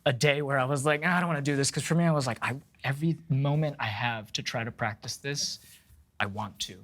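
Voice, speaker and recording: Young male actor, roundtable chat, eager and halting, mid-pitched voice. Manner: excitable, searching for words with many restarts. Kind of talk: casual roundtable conversation.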